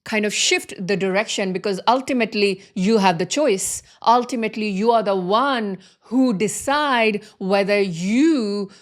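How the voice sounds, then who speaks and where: A woman's voice: medium pitch, measured pace, few pauses. A woman giving a motivational spiritual talk as a wealth and healing coach, speaking earnestly and repeating her phrases for emphasis.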